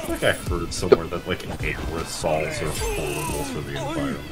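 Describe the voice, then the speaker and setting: A man's voice: rumbling low, steady tone, brisk, loud music behind the voice. A man making rambling, filler-heavy asides while friends play a video game. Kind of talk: casual gaming chat.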